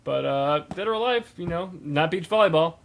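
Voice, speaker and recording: A man's voice: a little high, expressive, moderate pace, vocal fry, a bit bright, slight background noise. A young man talking in a casual, rambling video blog, full of fillers and restarts. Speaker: gaming vlogger.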